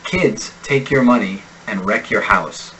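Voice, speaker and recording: A man with a General American accent, an accent instructor reading example sentences and single words slowly and deliberately in a pronunciation lesson. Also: lowish voice, bright, forceful tone, slight background noise, poor audio. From United States. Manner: slow, deliberate enunciation of sample words.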